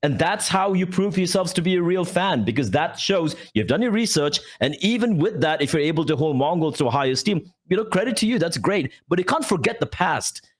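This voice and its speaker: A man's voice: a little high, lively intonation, a little fast, few pauses. A young man co-hosting a casual podcast, ranting with swearing and mock quotes. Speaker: podcast co-host.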